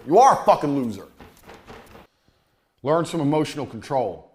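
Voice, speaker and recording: A man giving a blunt, profane motivational business lecture, swinging between loud jabs and low muttered asides. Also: very animated, normal speed. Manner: blunt, aggressive, swears constantly. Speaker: business coach.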